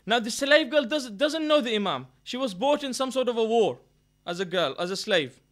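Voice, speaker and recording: High, bright-voiced male preacher. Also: lively intonation, normal speed. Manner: earnest retelling with frequent self-corrections. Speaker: religious speaker at a mourning gathering. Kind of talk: storytelling sermon. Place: gathering hall in London.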